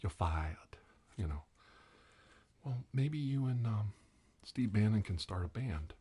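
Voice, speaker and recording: A man doing a whispered role-play as a comic ASMR host, teasing and mock-soothing, with soft talk and whispers. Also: lowish voice, lively intonation, a little slow, husky.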